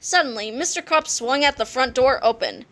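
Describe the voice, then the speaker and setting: A woman narrating a children's book aloud in an expressive reading voice. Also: high-pitched, normal speed.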